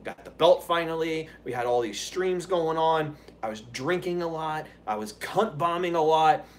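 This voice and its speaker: A man's voice: on the high side, animated, moderate pace, a little hiss or hum. A man hosting a live stream, chatting casually and telling stories in a rambling, profane way, laughing often. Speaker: live streamer answering chat.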